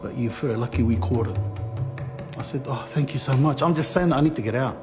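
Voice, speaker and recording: A man's voice: medium pitch, music in the background. Man telling his story, restarting often. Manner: acts out others' lines, halting restarts. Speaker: interviewee recounting being scammed. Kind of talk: animated storytelling interview.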